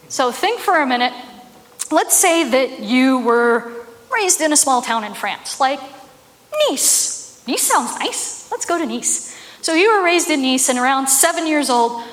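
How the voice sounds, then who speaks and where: Casting note: upbeat woman, somewhat high voice, chatty marketing talk, long echo. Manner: chatty, animated, asks "right?" often. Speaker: marketing speaker. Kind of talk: casual talk to camera.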